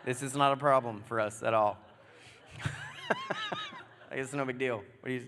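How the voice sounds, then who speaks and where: A man preaching a sermon in a chatty, joking way, acting out the story with sudden loud exclamations. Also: mid-range voice, normal speed, pauses often, a little hiss or hum. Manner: animated, jokey, acts out scenes with loud exclamations. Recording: long reverb of a large hall.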